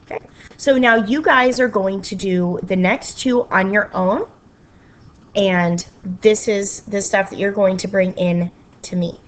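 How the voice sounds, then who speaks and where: A woman's voice: medium pitch, a little slow. A woman teacher explaining a math lesson to her students in a patient, step-by-step way, checking in with frequent okays and sometimes slipping into a playful sing-song.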